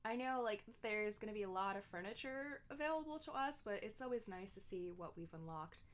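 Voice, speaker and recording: A woman's voice: mid-range voice, expressive, fairly quick. A young woman giving casual commentary while playing a video game, chatty and giggly, often correcting herself mid-sentence. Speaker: gaming streamer.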